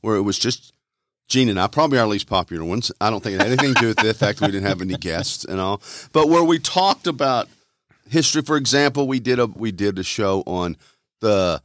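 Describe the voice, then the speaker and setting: A male historian chatting as a podcast guest, wry and jokey, his pitch jumping up when he gets animated. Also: fairly quick. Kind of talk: casual conversation.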